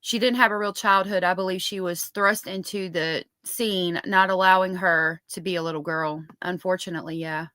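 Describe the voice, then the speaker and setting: A woman's voice: lowish voice, steady tone, moderate pace, hardly any pauses, pushed and bright, dry recording. A woman co-hosting a live true-crime stream, chatting casually and reading viewer comments aloud. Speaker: co-host reading viewer chat.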